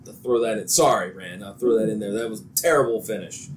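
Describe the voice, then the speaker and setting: Ohio guy hosting a wrestling podcast, animated, laughs a lot, faint room noise. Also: lowish voice. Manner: animated, laughs often, quick asides. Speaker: podcast host. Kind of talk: casual wrestling podcast chat.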